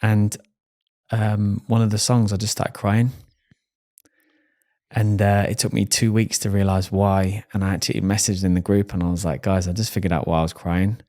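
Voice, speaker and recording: A man's voice: lowish voice, flat delivery, normal speed, dark tone. A man from England, hosting a podcast and speaking candidly in a casual conversation, laughing easily. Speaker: podcast host.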